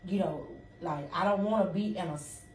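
A woman's voice: lowish voice, fairly quick, a little mellow. A woman co-hosting a casual faith talk, conversational and restarting her sentences often. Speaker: co-host. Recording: roomy, distant mic, faint noise.

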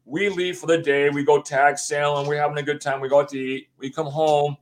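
A man from the USA, a guest on an interview show, telling his story in a rambling, animated way and acting out what people said. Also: on the high side, a little fast. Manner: rambling, acts out quotes, swears.

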